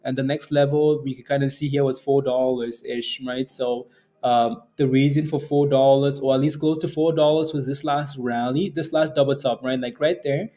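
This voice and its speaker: A man's voice: mid-range voice, fairly even intonation, moderate pace, dark tone. A man hosting a live day-trading stream, hyped and cheering, laughing often as he talks through charts. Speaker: day trading livestream host.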